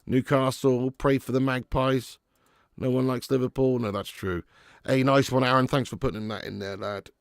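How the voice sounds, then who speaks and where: A man hosts a live football watch-along, mixing match commentary with easy chat and reading out viewers' comments. His voice has a gravelly edge and sits dry and close to the mic. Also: medium pitch, little pitch movement, normal speed, dry recording. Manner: chatty, reads out viewer comments. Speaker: watch-along stream host.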